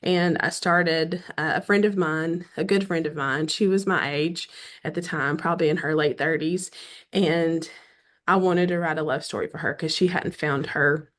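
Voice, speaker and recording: Guest author: middle-aged Southern woman, lowish voice, chatty and animated, voices others' lines, clears her throat now and then. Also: moderate pace. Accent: Southern American. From American South. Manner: animated, acts out quoted dialogue, frequent throat clearing. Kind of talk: casual storytelling interview.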